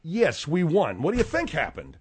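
A man hosting a talk radio show, rambling and animated, with frequent restarts as he talks. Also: fairly high pitch, normal speed, husky. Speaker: radio host.

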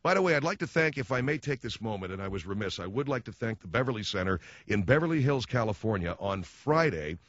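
A male radio talk host rants sarcastically through a comic monologue, his pitch swinging all over the place. The sound is dry and a bit dull, with no room around it. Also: sing-song, fast talker, few pauses, a bit bright, no room sound. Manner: ranting, sarcastic.

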